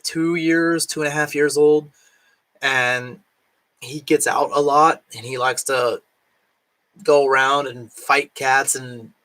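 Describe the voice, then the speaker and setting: A man's voice: a little high, fairly bright tone. Rambling vlogger man with a worn voice. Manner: rambling, filler-heavy with frequent "like". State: recovering from lost voice, can't reach high notes. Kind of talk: casual chat. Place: home, cat nearby.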